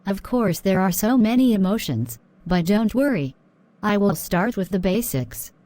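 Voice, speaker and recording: A woman's voice: medium pitch, animated, a little slow, dark tone, no echo. A woman teaching English vocabulary in a scripted drill, encouraging and repeating words.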